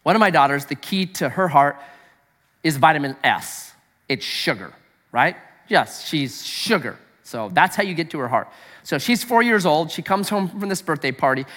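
A man's voice: fairly high pitch, lively intonation, normal speed, fairly bright tone. A man preaching a sermon as pastor, telling a family story with acted-out voices and humor. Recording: echoey hall.

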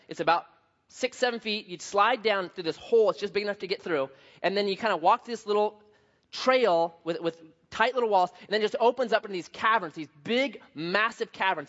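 A man pastor preaching a sermon, telling a story with lively swings from hushed to loud. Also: high-pitched, a little fast. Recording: dull lo-fi sound.

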